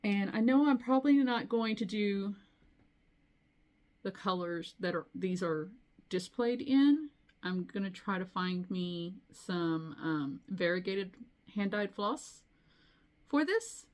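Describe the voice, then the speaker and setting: Middle-aged woman, cross-stitch vlogger, casual and rambling, average pitch. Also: animated, takes it slowly, a little mellow. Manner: chatty, rambling, with frequent asides. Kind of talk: casual chat.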